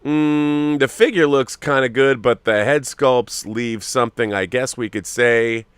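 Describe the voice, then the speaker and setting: A man's voice: mid-range voice, unhurried, clean tone, no room sound. A man hosting a casual chat, musing and hesitant as he talks, with plenty of fillers. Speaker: host. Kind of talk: casual chat reviewing collectible figures.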